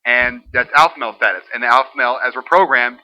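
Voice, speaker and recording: A man co-hosting a podcast who argues his point and explains at length. He talks quickly with a very bright, sharp tone. The sound is dry and close. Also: mid-range voice, no room sound, rough recording. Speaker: podcast co-host. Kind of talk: casual chat.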